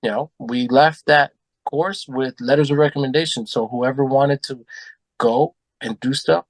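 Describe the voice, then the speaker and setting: A man telling animated stories in a casual podcast chat, acting out what people said and swearing freely. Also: mid-range voice, normal speed, dry recording. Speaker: podcast guest. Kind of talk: casual storytelling.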